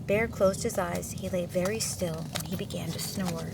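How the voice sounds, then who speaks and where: A woman reading a picture book aloud to a child, expressive and gentle, pausing to chat about the pictures. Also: lowish voice, gravelly. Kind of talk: storybook read-aloud with asides. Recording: distant mic, faint room noise.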